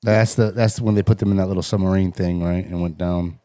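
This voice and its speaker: A man's voice: low voice, fairly even intonation, a little fast, dark tone, clear, resonant tone, dry recording, studio quality. A man in casual podcast talk who mostly gives short, easygoing replies. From grew up locally. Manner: laid-back, short agreeing replies. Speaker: podcast co-host. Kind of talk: casual chat.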